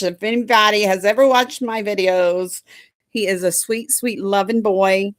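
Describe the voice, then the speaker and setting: A woman's voice: medium pitch, fairly even intonation, measured pace, no echo, clean studio sound. A woman chatting casually to a live audience at home, folksy and doting, drifting into baby talk with her dog. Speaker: livestream host chatting with viewers.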